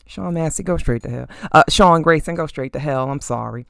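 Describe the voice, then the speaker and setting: Emphatic gravelly podcast host. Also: mid-range voice, a little fast, a bit bright, no room sound, clean studio sound. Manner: emphatic and blunt, cursing, checking in with "okay?". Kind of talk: casual opinion commentary. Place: room at home with crystals and statues on display. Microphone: camera facing the host.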